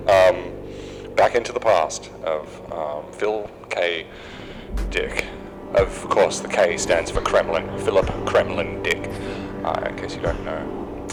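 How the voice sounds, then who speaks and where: Low-voiced Australian man rambling over gameplay. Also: fairly even intonation, a little slow. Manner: rambling and tangential, full of fillers. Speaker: game developer. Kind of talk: gameplay commentary. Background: game sounds and noise.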